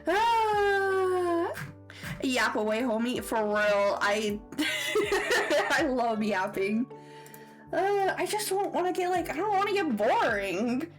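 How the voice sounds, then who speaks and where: A woman's voice: high-pitched, animated, slow, music in the background. A woman with a Southern American accent chatting casually on a livestream, playful and giggly with squealy outbursts. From Southern United States. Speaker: streamer.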